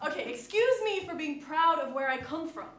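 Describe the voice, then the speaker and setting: An actress with an American accent playing a proud American wife who snaps back indignantly in a comic argument. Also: female voice, high-pitched, lively intonation, normal speed, fairly bright tone, slight background noise. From USA. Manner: indignant, combative comebacks. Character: brash, proud American wife, quick to bicker. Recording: roomy live stage sound.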